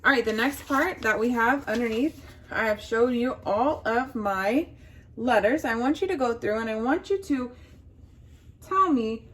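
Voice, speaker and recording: A woman teaching a phonics lesson to young children, slowly sounding out words and prompting the class to answer. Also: fairly high pitch, expressive, fairly bright tone, a little hiss or hum.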